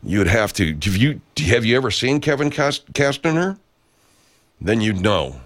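A man's voice: mid-range voice, very animated, moderate pace, a bit bright. A man hosting loose comic talk, rambling with crude, jokey asides.

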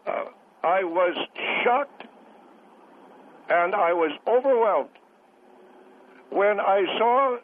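A man voicing an elderly male navy veteran calling in to a radio show, courteous and halting, often saying sir. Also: sits high, animated, pitched above the performer's own voice, exaggerated voice. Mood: earnest. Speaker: caller. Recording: tinny phone line.

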